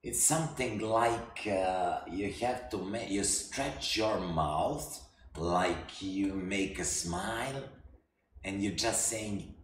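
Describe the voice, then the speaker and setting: Male teacher, very slow and halting, echoey room. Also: low-pitched, slight background noise. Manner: slow, halting, with many restarts. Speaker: language teacher. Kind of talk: language lesson.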